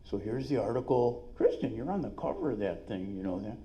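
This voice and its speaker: A middle-aged man with a New York accent gives an energetic, salesy seminar talk at a conference, full of quick asides. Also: on the low side, muffled recording. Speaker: dentist and business speaker. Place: conference room.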